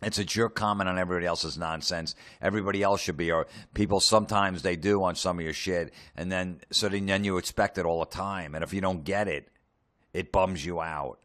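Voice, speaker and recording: Man, low voice, profane comedic rant, sarcastic, mocking impressions. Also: fairly even intonation, fairly quick, a bit bright. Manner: sarcastic, swears constantly, mocks people in put-on voices. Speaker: comedian ranting.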